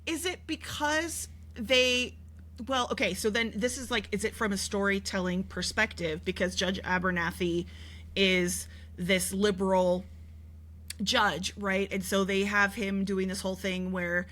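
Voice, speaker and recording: Chatty woman with a bright voice. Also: mid-range voice, steady tone, unhurried. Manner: chatty, rambling with many fillers and restarts. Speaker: podcast co-host. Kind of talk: casual TV recap chat.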